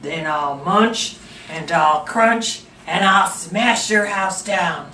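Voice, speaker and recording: A big bad storybook shark with a forceful, growly voice and slow, heavy threats, as a woman puts him on. The sound is roomy and from some distance off, with a faint hiss. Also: lowish voice. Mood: menacing. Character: big bad hungry male shark, menacing.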